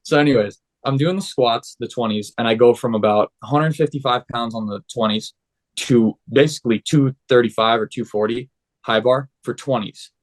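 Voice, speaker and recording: Casting: young adult man, podcast guest, animated storyteller with a mid-range voice. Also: mid-range voice, normal speed. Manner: animated, acts out quoted dialogue. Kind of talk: casual storytelling.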